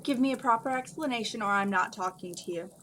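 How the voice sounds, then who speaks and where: A woman's voice: a little high, fast talker, a bit bright, a little hiss or hum, lightly acted. A woman reading a snappish spoiled rich girl. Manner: snappish, haughty, demanding. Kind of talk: reading a story aloud.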